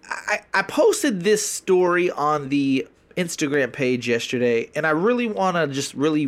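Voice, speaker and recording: A man co-hosting a casual podcast from his home podcast room, ranting in an animated, profane way. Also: on the high side. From Texas. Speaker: podcast co-host.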